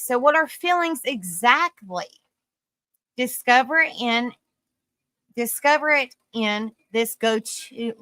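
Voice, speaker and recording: A woman's voice: sits high, sharp tone, no room sound. A tired woman hosting a live stream, reading an article aloud and greeting viewers with fond names like sweetie and honey, stumbling over hard words. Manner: affectionate toward viewers, calls them sweetie and honey.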